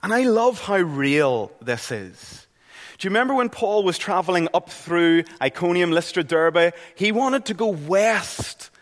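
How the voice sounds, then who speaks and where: A man's voice: high voice, expressive, a little slow. A middle-aged man with a Northern Irish accent preaching a sermon in a church, earnest and conversational. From Northern Ireland. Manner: earnest, conversational, with frequent restarts. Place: church hall. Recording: long hall reverb.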